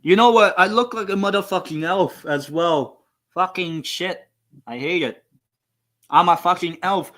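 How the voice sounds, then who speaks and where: A man hosts a live football watchalong, talking loosely to his viewers. His fairly high voice rambles between restarts, swearing often and poking fun at himself. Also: a little slow, a bit bright. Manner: rambling, profane, self-mocking. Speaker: football live-stream host. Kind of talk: casual live watchalong chat.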